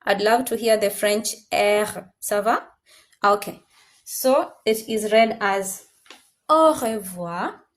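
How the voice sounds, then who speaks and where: Woman, slow and deliberate, teaching French in a classroom and drilling words over and over. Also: mid-range voice, fairly even intonation. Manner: drills pronunciations by repeating words slowly. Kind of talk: classroom language lesson. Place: classroom with students.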